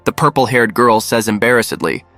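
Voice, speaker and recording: Male narrator, mid-pitched, even matter-of-fact read, dry close sound. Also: fairly quick, no echo, soft background music. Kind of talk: scripted narration.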